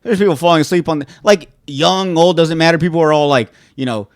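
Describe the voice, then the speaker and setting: A man hosting a podcast, chatting casually and going off on animated, profane rants. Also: a little high, quick pace, no echo, clean studio sound. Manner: animated, ranting, swears freely. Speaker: podcast host. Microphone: studio podcast mic.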